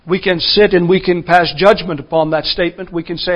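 A man delivers a sermon in a high-pitched voice, pushing his points with forceful, rising emphasis. The recording is dull and muffled, like an old lo-fi church tape. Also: fairly even intonation, a little fast, hardly any pauses. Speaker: preacher.

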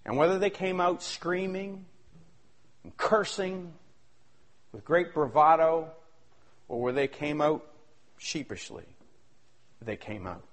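A male pastor preaching a sermon, swinging between shouted excitement and hushed asides. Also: a little high, slow pace, pauses often.

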